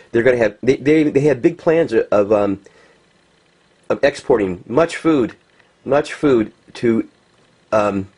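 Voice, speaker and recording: A man's voice: medium pitch, a little mellow, slightly rough. A man from the United States ranting in unscripted commentary, agitated, with many restarts and fillers. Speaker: vlogger. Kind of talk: unscripted commentary over pictures.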